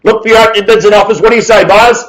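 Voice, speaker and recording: A man calling a live property auction, jovial and brisk, joking with bidders between calls. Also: high-pitched, fairly even intonation, rough recording. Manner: brisk, jovial patter with quick asides to bidders. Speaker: real estate auctioneer. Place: auction room with bidders present.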